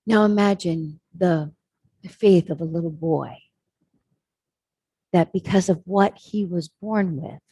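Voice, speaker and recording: Earnest woman sermon storyteller, lowish and husky. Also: takes it slowly, pauses often, warm tone, dry recording. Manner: earnest, reflective. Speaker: speaker.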